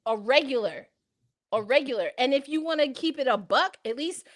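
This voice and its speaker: High-voiced animated New York woman. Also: normal speed. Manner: animated, playful, slangy. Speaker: podcast co-host. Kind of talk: casual chat.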